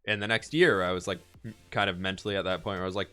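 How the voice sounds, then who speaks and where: A man's voice: sits low, steady tone, racing, pushed and bright, faint music behind. A man streaming live, chatting casually and thinking aloud as he answers chat and builds in a game.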